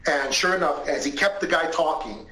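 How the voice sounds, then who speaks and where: A middle-aged man, a guest on an interview show, retelling an eerie account in an animated way and acting out what people said. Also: a little high, fairly quick. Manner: animated retelling with lively acted quotes. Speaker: guest, retired investigator. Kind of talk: storytelling in an interview. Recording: roomy echoing sound.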